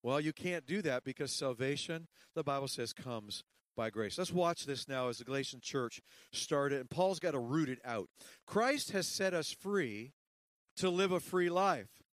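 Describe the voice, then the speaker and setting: A middle-aged man preaching a sermon as pastor, swinging between hushed lines and loud, emphatic calls to the congregation. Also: mid-range voice, animated, unhurried, dry recording.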